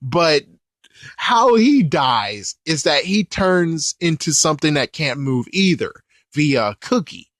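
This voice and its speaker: A man's voice: on the high side, takes it slowly, no room sound, clean studio sound. A man giving casual, rambling commentary on an anime episode, often correcting himself mid-sentence. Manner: rambling, animated, self-correcting.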